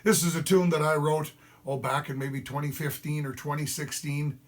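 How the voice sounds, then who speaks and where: A man's voice: fairly high pitch, steady tone, normal speed. A man hosting his fiddle music show, introducing tunes with folksy enthusiasm and humming a melody. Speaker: host and fiddler.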